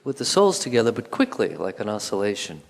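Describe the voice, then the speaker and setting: Male movement teacher, calm and instructive, melodic delivery, long hall reverb. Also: lowish voice, creaky. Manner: calm, instructive, with pauses and spoken counting. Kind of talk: guided movement lesson.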